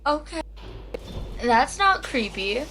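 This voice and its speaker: A woman's voice: sits high, sing-song, takes it slowly, noisy background. Chatty, rambling eighteen-year-old girl. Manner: chatty and rambling, laughs often, many "like"s. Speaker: vlogger reacting to a movie. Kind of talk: casual chat.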